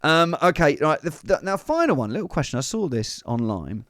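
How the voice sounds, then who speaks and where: A man hosting a casual podcast, chatty and playful and quick to laugh. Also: on the high side, very animated, a bit bright, dry recording, studio quality. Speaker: podcast host. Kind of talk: casual chat.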